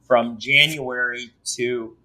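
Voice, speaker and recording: A man's voice: medium pitch, steady tone, slow pace, pushed and bright, low-quality recording. A man hosting a casual podcast, joking and rambling as he teases his co-host.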